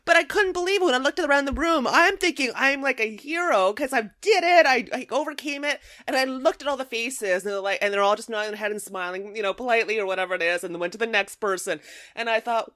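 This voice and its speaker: A woman podcast host telling a casual story in an animated, self-mocking way. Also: fairly high pitch, quick pace, no room sound.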